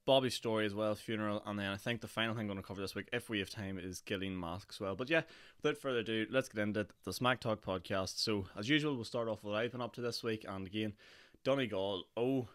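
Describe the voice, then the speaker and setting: A young man with a Northern Irish accent talks through his podcast in a loose, joking way, with plenty of fillers. His voice sits fairly low and is a bit hoarse and coarse. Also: fast, few pauses, a bit bright. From Northern Ireland. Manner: chatty and jokey, with frequent laughs and fillers. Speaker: podcast host. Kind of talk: casual solo podcast chat.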